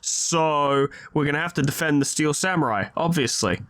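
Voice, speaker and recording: A man's voice: a little high, moderate pace, hardly any pauses. A man giving casual, joking and sarcastic commentary while playing a video game. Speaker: let's play host. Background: game music.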